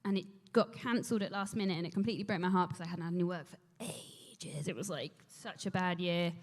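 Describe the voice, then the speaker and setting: An actress telling a rambling, animated story on a convention panel, laughing often. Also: female voice, on the low side, quick pace. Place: large convention hall. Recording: echoey convention hall.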